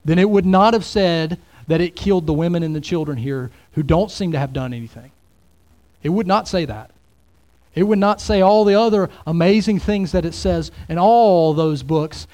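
A male pastor delivering a sermon, his voice sitting a little higher than most men's. He talks to his congregation in a relaxed, conversational way and keeps asking them questions. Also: brisk. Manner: conversational, many rhetorical questions.

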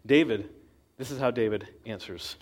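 A man's voice: medium pitch, moderate pace, slight background noise. Man telling a conversational sermon. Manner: conversational storytelling with acted quotes. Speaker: preacher.

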